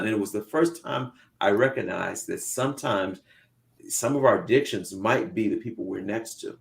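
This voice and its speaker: A man co-hosting a casual talk show, telling lively stories and acting out the voices in them. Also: medium pitch, a little fast, creaky. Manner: lively storyteller who acts out voices in his anecdotes. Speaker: podcast co-host. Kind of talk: casual chat, animated storytelling.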